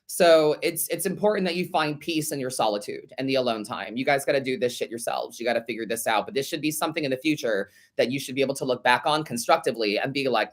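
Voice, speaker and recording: A man hosting a live tarot podcast, answering listener letters in a sassy, profane way, calling listeners babe and honey and repeating his points for emphasis. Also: medium pitch. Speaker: podcast host and tarot reader.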